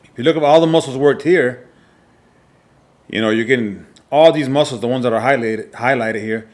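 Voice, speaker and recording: A male fitness coach giving a slide presentation lesson, speaking in an emphatic, deliberately repetitive way with frequent check-ins to his listeners. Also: mid-range voice.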